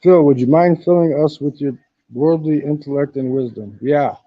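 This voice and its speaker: On a phone camera, a man live-streams a casual walkaround of a hostel in Thailand, talking into his phone. His voice sits on the high side at a moderate pace, and the recording is muffled. He's laid-back, swears a lot, and keeps saying "man."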